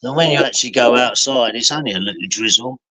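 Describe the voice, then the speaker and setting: A man's voice: mid-range voice, quick pace, a crowd in the background, poor audio. A middle-aged man hosting a casual online chat from a boat, talking in an easygoing, chatty way. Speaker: stream host. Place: on a boat in the rain. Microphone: online call mic.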